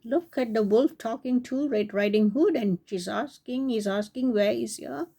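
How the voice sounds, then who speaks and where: A woman reading a fairy tale aloud for children, slowly and gently, stopping to talk to her young listeners. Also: a little high. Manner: slow, with chatty asides to young listeners. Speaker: storyteller on a kids' channel.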